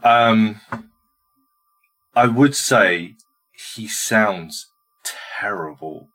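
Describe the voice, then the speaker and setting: A man with a fairly low voice gives his opinions in a relaxed podcast conversation. He stops and restarts often, filling pauses with "um" as he works out what he wants to say. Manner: hesitant, with frequent restarts and "um"s. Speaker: podcast co-host giving his reactions. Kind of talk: casual podcast chat.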